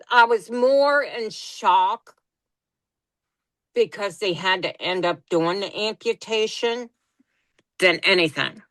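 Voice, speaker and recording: A woman's voice: fairly high pitch, fairly bright tone, no echo. A middle-aged woman in a casual group discussion, animatedly telling a story about her time as a patient and acting out the quotes. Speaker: guest sharing her experience as a patient.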